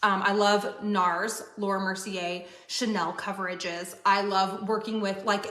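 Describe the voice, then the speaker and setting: A woman's voice: medium pitch, level tone, measured pace, fairly bright tone. A woman selling a beauty line, chatting to camera in a gushing way with lots of fillers. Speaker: MLM seller. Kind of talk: excited product chat to camera. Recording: roomy echo.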